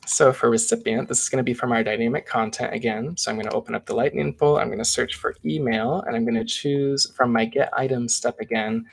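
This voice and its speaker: A man presenting a live software demo, talking through each step in a casual, chatty way. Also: mid-range voice, vocal fry, slightly rough.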